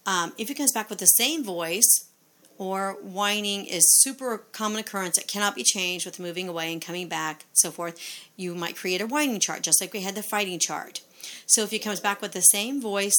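A woman's voice: mid-range voice, normal speed, bright, forceful tone. A woman giving parenting advice in a casual instructional talk, conversational, with frequent fillers and rhetorical questions.

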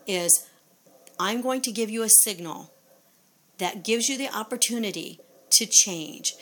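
A woman's voice: mid-range voice, a bit bright. A woman giving parenting advice in a casual instructional talk, conversational, with frequent fillers and rhetorical questions.

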